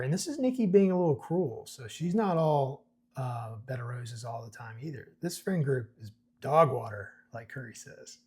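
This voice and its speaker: Husky middle-aged man talking casually. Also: mid-range voice, darkish tone. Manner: conversational, chuckles, many fillers and restarts. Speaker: host breaking down a screenplay. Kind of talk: casual commentary reading script excerpts.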